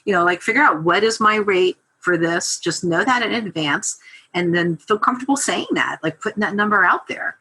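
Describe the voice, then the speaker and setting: A woman's voice: fairly low pitch, fairly quick, breathy edge, poor audio. A middle-aged woman talking casually as a podcast guest, telling stories with many fillers. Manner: chatty, animated storyteller with lots of fillers. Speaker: guest copywriter.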